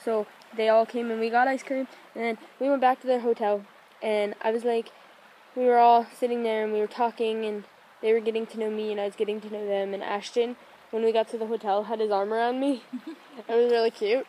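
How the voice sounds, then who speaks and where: A young woman with a high voice tells a story in quick, excited chat. She sits outdoors on a rock, and faint stream noise runs under her handheld recording. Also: poor audio. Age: young adult. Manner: excited, chatty, acts out quotes. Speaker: vlogger. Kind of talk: casual storytelling.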